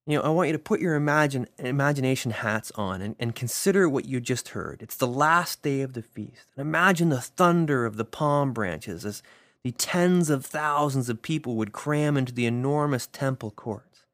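A man's voice: mid-range voice, moderate pace, fairly bright tone, dry recording. A man preaching a sermon, reading scripture and telling it as a vivid, emphatic story.

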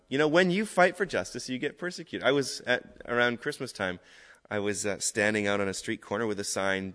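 A man's voice: mid-range voice, fairly bright tone. Male preacher, conversational storytelling style, recorded in a reverberant hall. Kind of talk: sermon. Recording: echoey hall.

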